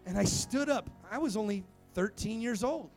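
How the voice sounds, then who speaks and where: High-voiced animated young pastor preaching. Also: male voice, normal speed, soft background music. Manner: animated storytelling preacher, rising to emphatic calls. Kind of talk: sermon to youth and church. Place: church sanctuary.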